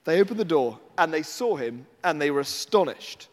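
A man's voice: a little high, lively intonation, moderate pace, long reverb tail. A man preaching a sermon, telling the story animatedly and slipping into acted voices.

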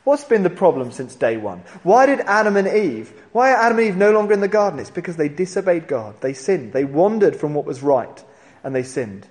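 A man preaching a sermon, telling the story in an animated way and acting out the voices of the people in it. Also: on the high side, fairly quick. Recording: long hall reverb.

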